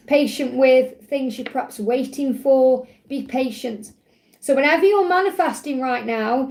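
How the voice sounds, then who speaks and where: Croaky-voiced British woman reading tarot live. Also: sits high, darkish tone. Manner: reassuring, repeats key words, frequent "okay?" check-ins. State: slightly croaky voice. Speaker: tarot reader and livestream host.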